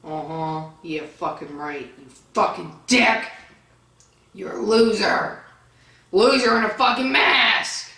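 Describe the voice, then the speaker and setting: A woman reads viewer comments in a slow, drawn-out way, then fires back with swearing and shouted insults. The room is roomy and echoey, and she sits well back from the microphone. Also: medium pitch. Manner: profane, insulting, yells at commenters. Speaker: vlogger reading viewer comments. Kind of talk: angry comment-reading rant. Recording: roomy echo, distant from the mic.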